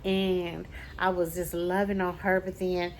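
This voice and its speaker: A woman's voice: fairly low pitch, flat delivery, unhurried, slight background noise. Emphatic woman telling a personal story. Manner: emphatic, repeats phrases for effect. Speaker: vlogger.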